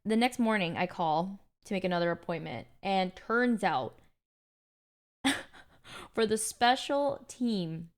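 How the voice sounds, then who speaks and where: A woman's voice: mid-range voice, lively intonation, takes it slowly, pauses often. Chatty young woman streamer telling a story. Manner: chatty, exasperated storytelling with quoted back-and-forth. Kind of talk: casual storytelling to chat.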